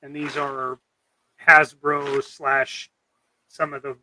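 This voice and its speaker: A young man hosting a live stream about customizing toys, chatting casually and easygoing, halting now and then with fillers. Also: medium pitch, flat delivery, pushed and bright, a little hiss or hum. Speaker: host and toy customizer.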